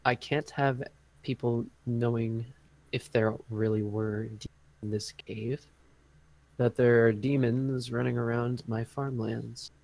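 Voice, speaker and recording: Guy doing a jittery landowner, voice a bit shaky, slow and hesitant. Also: medium pitch, level tone, vocal fry, a little mellow, no echo. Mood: grudging. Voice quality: slightly shaky voice. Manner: hesitant, thinking aloud. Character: nervous male landowner paying mercenaries.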